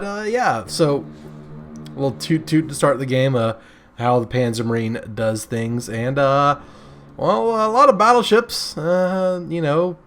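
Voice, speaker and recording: A young man casually commentating a game replay, rambling and joking with goofy asides. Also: mid-range voice. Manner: rambling, jokey, goofy mock French asides. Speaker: gameplay commentator.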